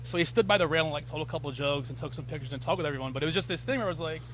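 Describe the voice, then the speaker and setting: A man with a high, bright voice fires off questions and stories at a rapid clip. He acts out what people said with sudden jumps in loudness. A faint hum sits under the recording. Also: low-quality recording. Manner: excitable storyteller, acts out quotes with big swings in loudness. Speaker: interviewer and show host. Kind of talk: casual interview chat. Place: music venue on tour.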